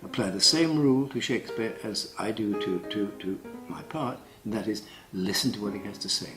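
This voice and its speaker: A man's voice: fairly low pitch, fairly quick, music in the background, poor audio. Theatrical British man with RP accent. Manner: theatrical, emphatic, reciting lines with swings from loud to hushed. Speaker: stage actor. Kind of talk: archival interview clip, explaining verse.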